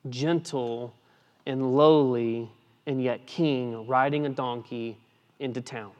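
A male pastor preaching a sermon, swinging between hushed and emphatic lines, with casual asides. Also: medium pitch, fairly even intonation, slow pace, muffled recording. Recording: long hall reverb.

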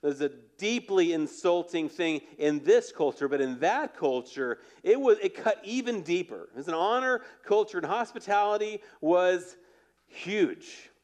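A male pastor delivers a sermon in a relaxed, conversational tone, acting out the scenes as he goes. His voice sits slightly high for a man. At key moments he sinks into a soft, low, intimate hush. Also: measured pace. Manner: conversational, animated storytelling with acted quotes.

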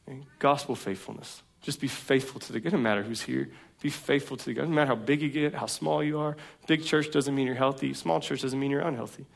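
Guy preaching a sermon, gravelly voice, super casual and chatty, talks from the stage. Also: on the high side. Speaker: pastor. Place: church stage.

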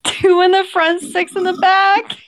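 A woman's voice: very high voice, flat delivery, unhurried, a bit bright, slight background noise. A woman on a casual comedy podcast, cracking puns and crude jokes and giggling. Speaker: podcast co-host.

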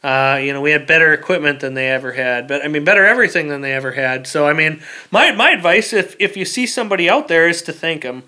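A man speaks as a veteran guest in a relaxed interview, his voice bright, smooth and slightly high. He talks plainly, pausing on fillers and repeating words as he works through his thoughts. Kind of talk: casual interview conversation.

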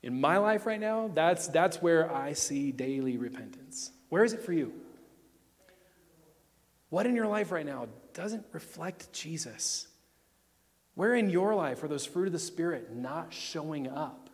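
A man in his thirties preaching a sermon, emphatic, swinging between loud declarations and hushed moments. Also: fairly high pitch, expressive, unhurried, in a large hall. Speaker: pastor.

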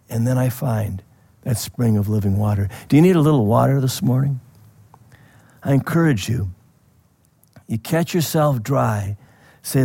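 A man preaching a sermon in a conversational way, asking the listeners questions and laughing softly now and then. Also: mid-range voice, a little slow, vocal fry, pauses often, breathy edge. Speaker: pastor.

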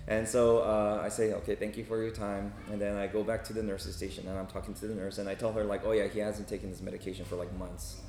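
Low-voiced man in an echoey room. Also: flat delivery, fast, hardly any pauses, a little mellow, a little hiss or hum. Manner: casual, checks in with "right?" and "okay?". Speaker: hospital chaplain. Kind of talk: storytelling talk to a group. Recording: roomy echo with faint ambience.

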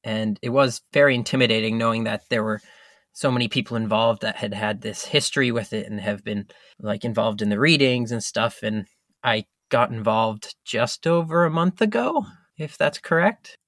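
A man's voice: mid-range voice, normal speed, fairly bright tone, no room sound, studio quality. A young man, a guest actor, chatting casually in an easygoing way and laughing often. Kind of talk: casual interview chat.

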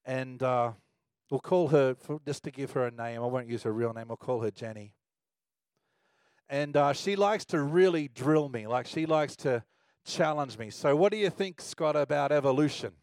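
A man preaching a sermon, telling a personal story in a relaxed, conversational way. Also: medium pitch, moderate pace, smooth, no echo. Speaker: pastor.

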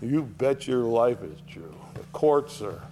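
A man of middle pitch teaches a Bible chapter verse by verse, reading a line and then paraphrasing it. He swings from sharp, raised rebukes to quiet, low asides. A faint hum sits under his voice. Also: slow. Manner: animated, rising sharply to voice Paul's rebukes, dropping low for asides.

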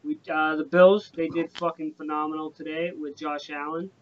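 A man's voice: little pitch movement, normal speed. A man hosting a casual sports podcast, rambling with lots of fillers and swearing. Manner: profane, rambling, filler-heavy. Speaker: podcast host. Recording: dull lo-fi with faint rumble.

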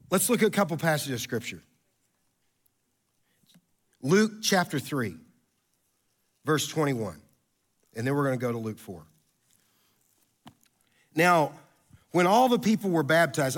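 A man preaching a sermon as pastor, telling stories in an animated, conversational way. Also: a little high, normal speed, long pauses.

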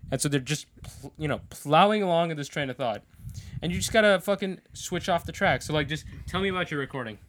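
A man's voice: on the high side, quick pace, fairly bright tone, a little hiss or hum. Crude, joking young man on a podcast. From outside the country of the show. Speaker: podcast co-host. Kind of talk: casual banter.

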